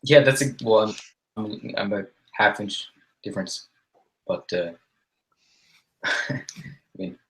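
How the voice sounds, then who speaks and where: A man's voice: on the low side, takes it slowly, pauses often, fairly bright tone, poor audio. A man co-hosting a casual podcast over an online call, laid-back and mumbling. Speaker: podcast co-host. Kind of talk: casual group chat.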